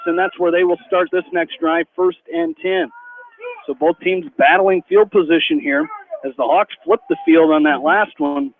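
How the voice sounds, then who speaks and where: A man calling high school football play-by-play on local radio, rising in excitement on big plays, heard over a tinny broadcast line with faint hiss. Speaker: play-by-play announcer.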